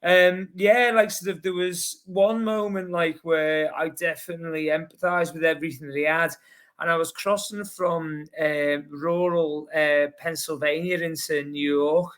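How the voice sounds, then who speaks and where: A man's voice: fairly high pitch, unhurried. Chatty Scouse man telling stories. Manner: lively, rambling, heavy with fillers like "you know". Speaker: podcast guest, long-distance runner. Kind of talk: casual anecdotal storytelling.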